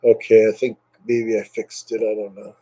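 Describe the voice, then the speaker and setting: A man's voice: lowish voice, completely flat delivery, normal speed, warm tone, no echo, poor audio. A man chatting casually with live viewers over a webcam at home, joking and sarcastic, rambling from topic to topic. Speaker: live streamer.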